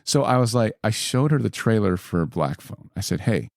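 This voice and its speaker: A man from Puerto Rico hosts a comic-book podcast, telling jokey family stories. His low voice swings widely in pitch, and the sound is dry and close. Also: normal speed, gravelly, no echo. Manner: animated storyteller, jokey. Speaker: podcast host. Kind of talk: casual chat.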